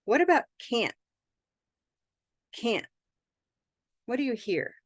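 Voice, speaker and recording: A woman's voice: a little high, big pitch swings, takes it slowly, no echo, clean studio sound. A woman, leading a live online pronunciation lesson and patiently modeling words for learners to repeat. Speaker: English pronunciation teacher.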